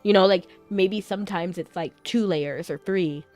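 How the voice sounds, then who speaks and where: A woman's voice: on the low side, normal speed, a little mellow, faint music behind. A young adult woman streaming a game, chatting casually and giggling often between her remarks. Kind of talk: casual gameplay chat.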